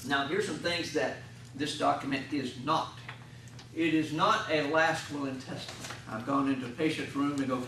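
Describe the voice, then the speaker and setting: A man who teaches hospital chaplaincy gives a folksy classroom lecture, acting out little scenes of patients and families. His voice is a little high and animated at a moderate pace, picked up by a distant mic in an echoey room with background noise.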